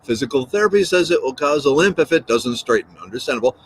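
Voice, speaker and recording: A middle-aged man in his fifties hosts a casual early-morning live stream, greeting viewers and answering their comments. He talks in a relaxed, playful way, repeats words and drifts between thoughts. His voice sits in an ordinary middle pitch. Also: fast talker, a little hiss or hum, rough recording.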